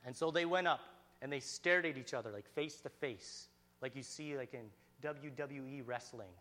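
A man telling a personal story in an animated, excitable way, with frequent restarts. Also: mid-range voice, normal speed, slight background noise.

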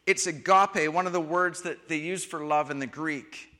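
Man, pastor, sermon, high bright voice, expressive swings from soft to loud, long hall echo. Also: normal speed.

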